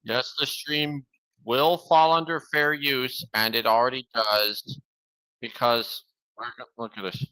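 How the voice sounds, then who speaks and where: A man streaming and chatting casually in a rambling, halting way. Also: mid-range voice, fairly even intonation, sharp tone, dry recording, poor audio.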